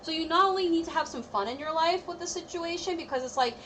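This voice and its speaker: A woman's voice: extremely high pitch, quick pace, fairly bright tone, slight background noise, poor audio. A woman giving a live-streamed tarot reading in a chatty, reassuring way, full of "like" and "I feel like". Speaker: tarot reader.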